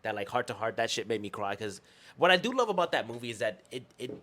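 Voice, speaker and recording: A man co-hosting a casual podcast chat, excitable and quick to swear as he jumps between tangents. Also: mid-range voice. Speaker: podcast co-host.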